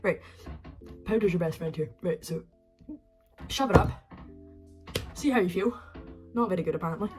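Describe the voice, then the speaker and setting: A young woman chats her way through a makeup tutorial, scattered and self-deprecating, stumbling over restarts. Her voice sits at an ordinary pitch for a woman, sometimes sinking into a breathy whisper while she works. Soft music plays faintly behind her. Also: moderate pace, pauses often, low-quality recording. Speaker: beauty vlogger.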